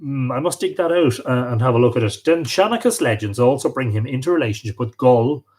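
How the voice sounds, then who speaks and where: Husky man reading myth lore aloud. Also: medium pitch, animated, fast, darkish tone. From Ireland. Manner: reads passages aloud, breaks off for asides and rummaging for books. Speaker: host. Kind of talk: live-stream talk, reading aloud from books.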